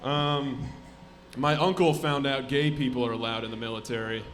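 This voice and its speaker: A medium-pitched man in his 20s does stand-up live in a comedy club at a moderate pace, with a bit of hiss or hum in the recording. Deadpan, he mutters asides and then erupts into shouted voices.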